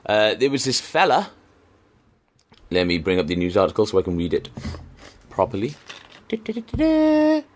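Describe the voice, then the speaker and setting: A man's voice: sits low, lively intonation, moderate pace, pauses often, a little hiss or hum. A man co-hosting a podcast, laid-back and dry, swearing casually. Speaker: podcast co-host.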